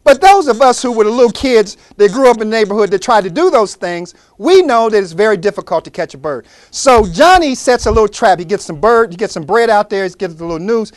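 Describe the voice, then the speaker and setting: A male presenter who tells his story with passion and plenty of animation. His voice sits high and sounds dry and close. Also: dry recording.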